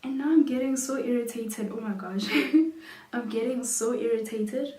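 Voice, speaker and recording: A woman, chatting and telling a lively story as a vlogger while doing her makeup, acting out her own reactions. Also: on the high side, moderate pace, far from the mic, slight background noise. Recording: roomy echo, voice set back from mic.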